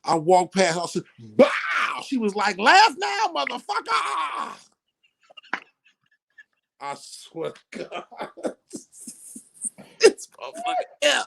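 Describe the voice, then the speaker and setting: A man telling a profane, animated story in casual podcast chat. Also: sits high, unhurried, vocal fry, long pauses.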